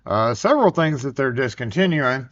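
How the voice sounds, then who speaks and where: Male locksmith vlogger, mid-pitched voice, loose chatty delivery with lots of "uh" and restarts. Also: animated, normal speed, fairly bright tone, dull audio. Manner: rambling, loose, full of fillers and restarts. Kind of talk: casual product review vlog.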